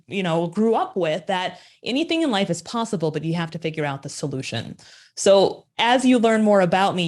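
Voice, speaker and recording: A woman in her forties from Minnesota, telling her story as a podcast guest with lively rhetorical questions. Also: medium pitch. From Minnesota, USA. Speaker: podcast guest, agency founder. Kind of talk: casual interview storytelling.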